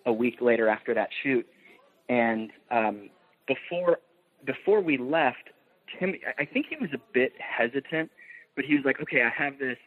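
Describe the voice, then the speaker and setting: A man's voice: mid-range voice, breathy edge. A man, a film producer guest on a podcast, telling a story with enthusiasm and laughter in casual chat. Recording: tinny phone-like line.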